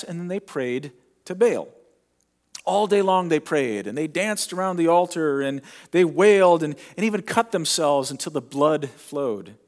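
A middle-aged male pastor preaching a sermon, retelling a story in a conversational way with dramatic pauses. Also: on the high side.

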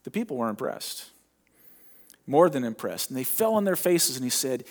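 A middle-aged male pastor preaching a sermon, retelling a story in a conversational way with dramatic pauses. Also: medium pitch, big pitch swings.

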